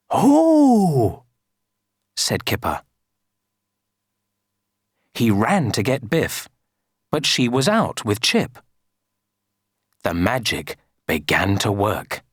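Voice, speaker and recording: A woman reading a children's story aloud for an English lesson, slow and sing-song. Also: a bass voice, husky, dry recording, clean studio sound.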